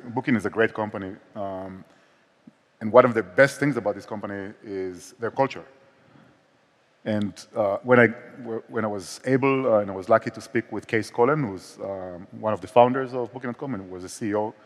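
A man with an Israeli accent, a startup founder speaking candidly on a conference stage, with frequent restarts. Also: fairly low pitch. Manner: candid, self-deprecating, many restarts. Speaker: startup co-founder and CEO, guest. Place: conference stage in a large hall. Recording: long hall reverb.

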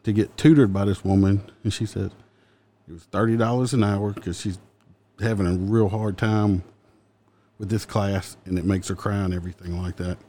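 A man's voice: fairly low pitch, steady tone, moderate pace, mellow. A man with a Southern accent, a police officer, telling wry stories from his work in a casual chat and laughing at his own jokes.

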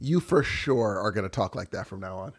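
A man's voice: fairly low pitch, lively intonation, fairly quick, breathy edge. A man co-hosting a podcast in casual, playful banter, easily amused. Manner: playful, amused, repeats phrases. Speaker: podcast co-host.

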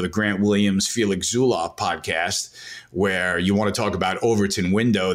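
A man, a market analyst guest on a podcast, talking in a loose, animated way with lots of fillers and restarts. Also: fairly low pitch. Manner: animated, rambling with many fillers. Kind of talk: casual podcast interview.

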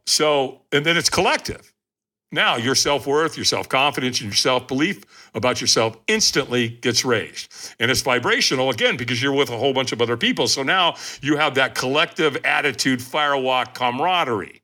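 A man who is a podcast guest, telling a story in an animated, emphatic way and often addressing his listeners directly. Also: mid-range voice, fairly quick.

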